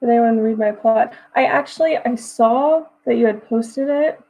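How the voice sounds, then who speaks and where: A young woman with a fairly high but mellow, soft-edged voice chats casually with her stream viewers. She giggles a lot, fills gaps with "like" and "um", and starts sentences over as she reads comments aloud at a home desk mic. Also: unhurried, low-quality recording. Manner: giggly, chatty, many fillers and restarts. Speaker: writing livestream host. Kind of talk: casual livestream chat reading comments.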